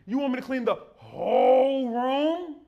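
A man voicing a whining, overwhelmed child who has been told to clean, complaining in a drawn-out way. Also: very high voice, mellow, muffled recording, pitched above the performer's own voice. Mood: whiny. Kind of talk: preacher acting out a quote in a sermon.

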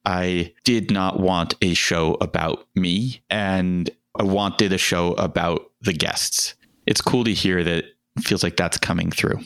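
A man's voice: sits low, fairly even intonation, slow, creaky, hardly any pauses, a bit bright, no room sound. A man hosting a podcast, speaking in a reflective, sincere way about the show. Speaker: podcast host. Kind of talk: casual podcast conversation.

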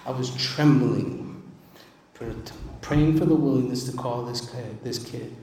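A man's voice: mid-range voice, a little slow, darkish tone, slight background noise. A man giving an emphatic, conversational personal testimony at a recovery meeting, repeating words for emphasis. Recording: echoey hall, distant mic, faint ambience.

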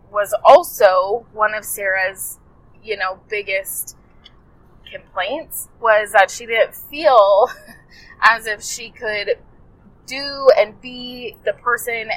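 A woman health coach and podcaster with a medium-pitched, fairly bright voice, heard through poor audio, tells her listeners a story about a client. Her delivery is casual, rambling and heartfelt, and she often corrects herself mid-sentence.

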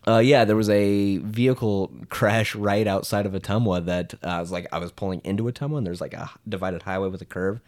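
A man's voice: on the low side, fairly even intonation, fairly quick, hardly any pauses, a little mellow. A young man co-hosting a podcast, telling rambling anecdotes full of fillers and laughing often in casual chat. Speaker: podcast co-host.

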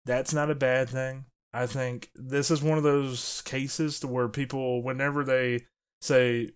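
A man co-hosting a casual podcast. He talks in an animated, jokey way and often restarts his sentences. His voice sits in an ordinary middle pitch. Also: a little slow, clear, resonant tone. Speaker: podcast co-host. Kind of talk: casual movie review chat.

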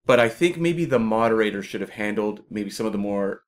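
A man co-hosting a casual discussion, talking in a measured, explanatory way. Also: lowish voice, expressive. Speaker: podcast co-host.

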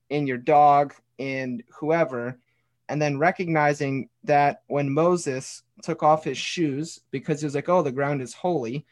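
A man, a former pastor turned bartender, earnestly telling a personal story in a casual podcast conversation, swearing now and then and saying "dude" and "like". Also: a little high. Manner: earnest storytelling, reading aloud his own journal.

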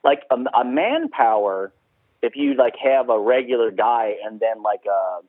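A man's voice: mid-range voice, lively intonation, measured pace, dry recording. A man hosting a podcast in casual chat, swearing freely, laughing often and acting out quotes. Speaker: podcast host. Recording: tinny phone-like sound.

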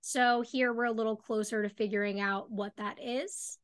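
A woman's voice: fairly high pitch, fairly even intonation, moderate pace. A woman co-hosting a podcast, chatting casually about a TV episode and filling her talk with "like". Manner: chatty, lots of "like". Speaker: podcast co-host. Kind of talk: casual recap chat.

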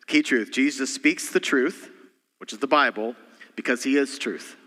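A man, a senior pastor, preaching a sermon and swinging between loud emphatic lines and quiet, almost whispered asides. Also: medium pitch, normal speed. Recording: church hall reverb.

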